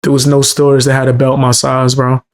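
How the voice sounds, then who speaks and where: A man's voice: medium pitch, completely flat delivery, moderate pace. A man from the Bronx with a New York accent, telling loose, profane stories in casual chat on a live stream. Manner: loose, profane storytelling with street slang.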